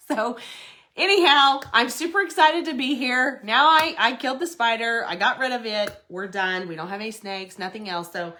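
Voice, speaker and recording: A woman's voice: on the high side, moderate pace. A middle-aged woman hosting a home decor livestream from her office, chatting casually and telling stories with laughs. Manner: chatty, animated storytelling with laughs. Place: her office in a shed building.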